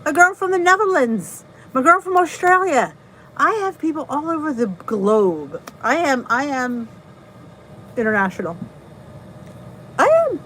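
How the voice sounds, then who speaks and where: A woman's voice: high voice, animated, normal speed, fairly bright tone, a little hiss or hum, rough recording. A middle-aged woman with a New Jersey accent, hosting a casual live stream, chatting, greeting viewers and laughing at herself. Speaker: channel host reading live chat.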